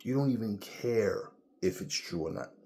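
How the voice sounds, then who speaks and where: A man with a lowish voice rants casually to his viewers. He tells stories in a loose, profane way, full of slang and lively asides. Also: moderate pace, vocal fry. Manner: profane, animated storytelling with slang. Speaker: boxing commentator. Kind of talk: casual rant to camera.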